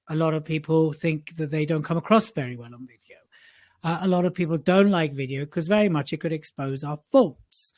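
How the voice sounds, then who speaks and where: A man co-hosting a podcast who coaches business owners, chatting casually with teasing banter. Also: a little high. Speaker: co-host, communication coach.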